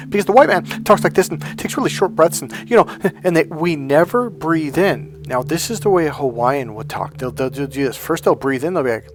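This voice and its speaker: A man's voice: mid-range voice, a little hiss or hum. A middle-aged man coaching in a casual monologue, rambling and correcting himself as he goes, acting out breaths and sighs.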